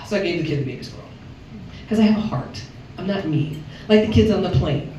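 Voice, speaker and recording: A woman's voice: animated, a little fast, dark tone, lo-fi sound, slight background noise. Brash 50s woman from chicago doing standup, voice jumps all over, echoey club heard from far back. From Chicago, Illinois. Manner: brash, acts out voices with big pitch jumps. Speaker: stand-up comedian. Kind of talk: stand-up comedy set. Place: comedy club stage. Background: audience laughter.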